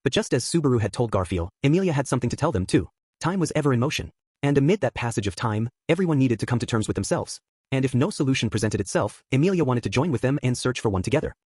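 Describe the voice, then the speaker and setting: A man reading a light novel audiobook aloud at a quick clip. His delivery is even, his voice slightly breathy, and the recording dry and close. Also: medium pitch, no room sound. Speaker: audiobook narrator. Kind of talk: scripted narration.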